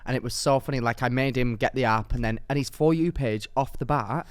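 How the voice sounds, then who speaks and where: A young man with a smooth, clear voice chats on a podcast, slipping into the voices of people from his stories. The sound is dry and close to the mic. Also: medium pitch, a little fast, no room sound. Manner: storytelling with acted-out quotes and frequent laughs. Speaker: podcast co-host. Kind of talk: casual podcast chat.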